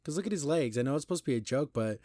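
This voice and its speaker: A man's voice: mid-range voice, lively intonation, very fast, mellow, no room sound. Guy ranting thru a cartoon review, annoyed, does little mocking voices, dead dry mic. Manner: opinionated, exasperated, recapping scenes with mocking quoted voices. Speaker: podcast host reviewing an animation. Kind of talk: casual critical commentary.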